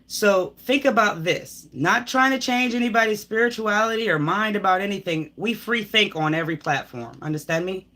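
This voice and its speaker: Speaking at a moderate pace with hardly any pauses, this tarot reader has a mid-range, fairly bright voice. Her live reading is a spiritual pep talk aimed straight at the viewer, emphatic and preachy, full of sighs, restarts and rambling.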